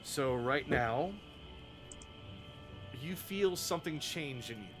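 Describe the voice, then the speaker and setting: A man narrating a tabletop game as game master in a deliberate way. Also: mid-range voice, animated, a bit bright, faint music behind.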